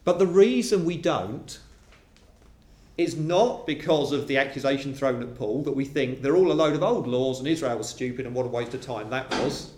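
A man preaching a sermon to a congregation, animated and acting out quoted voices. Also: mid-range voice, moderate pace. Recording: roomy echo of a hall.

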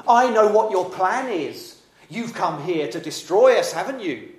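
Guy doing a cocky evil spirit, sneery, higher voice, loud, echoey room. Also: animated, measured pace. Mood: taunting. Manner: taunting, sneering. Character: boastful male unclean spirit taunting.

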